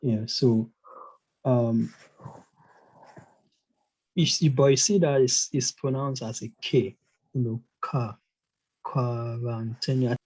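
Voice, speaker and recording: A man's voice: medium pitch, slow pace, long pauses, dark tone, breathy edge, poor audio. A man teaching a casual online language lesson, hesitant, with many fillers and restarts. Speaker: German teacher.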